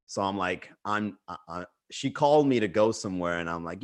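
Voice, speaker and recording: A man's voice: mid-range voice, lively intonation, fairly quick, hardly any pauses, a bit bright. A man doing stand-up storytelling on a virtual livestream, rambling and profane, with frequent restarts and chuckles. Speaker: stand-up comedian.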